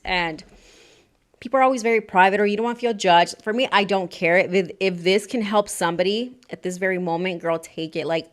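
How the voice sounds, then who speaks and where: A young woman talks straight to her viewers in a casual, confiding way. Her voice sits at an ordinary middle pitch, and she swings between hushed near-whispers and sudden louder stretches as she tells her story. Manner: chatty and candid, talks to viewers as "girl"; swings between loud bursts and soft whispers. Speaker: vlogger. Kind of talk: personal storytelling to camera.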